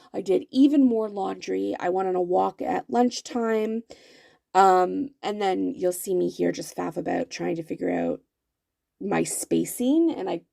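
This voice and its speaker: A woman's voice: mid-range voice, vocal fry, a little mellow, no echo, studio quality. A young woman chatting her way through decorating a weekly planner, casual and full of fillers and self-corrections, with the hiccups. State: has the hiccups. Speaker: planner vlogger. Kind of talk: voice-over narration of a planner spread.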